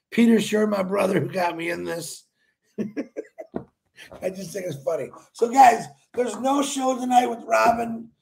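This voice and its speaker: High gravelly man hosting a live stream. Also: darkish tone. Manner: chatty, laughs often, greets viewers by name; emphatic, repeats his points. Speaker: livestream host. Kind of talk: casual live stream talk.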